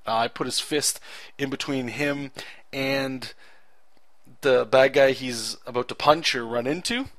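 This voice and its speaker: A man's voice: mid-range voice, a little slow, a bit bright, no room sound. A man talking casually over his own drawing video, rambling earnestly with frequent self-corrections. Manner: earnest and enthusiastic about clear storytelling. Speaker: artist narrating his drawing process.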